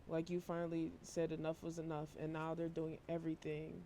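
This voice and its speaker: Man, tarot reader, monotone, worn out, fairly high, gravelly, casual swearing. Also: a little fast, a little hiss or hum. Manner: flat, low-energy monotone with casual swearing. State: emotionally worn out. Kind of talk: casual tarot reading to camera.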